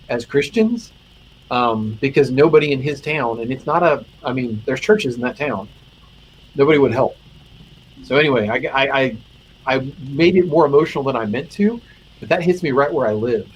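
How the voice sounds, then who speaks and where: A man's voice: medium pitch, slight background noise, rough recording. A male chaplain telling heartfelt stories in a casual conversation, earnest and emotional, with lots of restarts. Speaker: guest chaplain.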